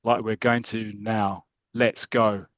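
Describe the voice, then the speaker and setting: A man voicing an earnest, steady male police inspector in a comic re-telling, grave and measured. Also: lowish voice, no echo, muffled recording.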